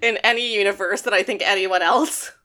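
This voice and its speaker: Bright-voiced woman chatting on a podcast. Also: medium pitch, brisk. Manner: rambling, restarts, animated asides. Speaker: podcast co-host. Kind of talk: casual chat.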